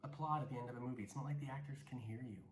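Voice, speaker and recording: A man's voice: mid-range voice, very fast, roomy sound, slight background noise, close to an everyday voice. A man voicing a grumpy cynical young man in a screenplay reading, dry and irritable.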